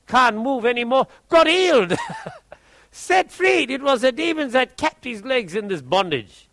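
A man preaching, telling a testimony story in an animated way and often repeating his words. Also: very high voice, no room sound.

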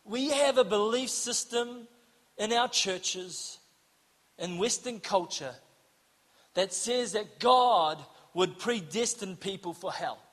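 Male preacher, very high bright voice, animated storytelling, shouts for emphasis, long hall reverb. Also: slow pace. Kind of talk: sermon with storytelling.

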